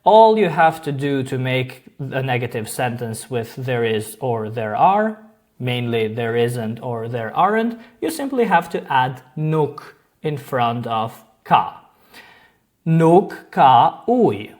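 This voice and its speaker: A man teaching a grammar lesson, who says each example slowly and carefully and then repeats it. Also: mid-range voice, very animated. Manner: slow, careful repetition of example sentences. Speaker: language teacher.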